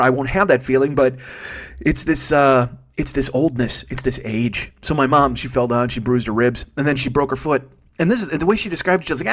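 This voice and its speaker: Fifty-something male comic host, quick and loose, swears constantly, jokes at his own expense. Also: on the high side, a bit bright. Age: 50s. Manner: rambling, profane, self-mocking. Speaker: comedian podcast host. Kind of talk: solo comedic monologue.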